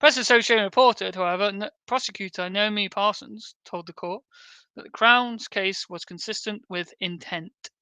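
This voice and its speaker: Male streamer, crisp bright voice, dry mic, reads text with sarcastic sweary interjections. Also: high-pitched, moderate pace, no echo. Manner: sarcastic, sweary asides while reading. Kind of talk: reading an article aloud with commentary.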